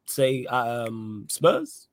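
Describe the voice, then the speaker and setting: Hosting a casual football podcast that includes reading out the live chat, a man with a medium-pitched, expressive voice draws out his words. He is emphatic and opinionated, repeating his points.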